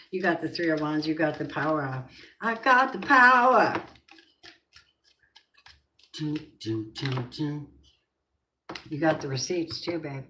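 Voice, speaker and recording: A woman's voice: low voice, background noise. A woman reading tarot cards for her viewers in a casual, emphatic way, talking to them directly and swearing now and then. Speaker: tarot reader.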